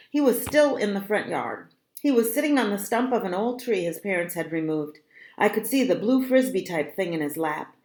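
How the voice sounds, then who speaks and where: Expressive woman reading a storybook aloud. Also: lowish voice. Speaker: reader of a children's book. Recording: roomy echo.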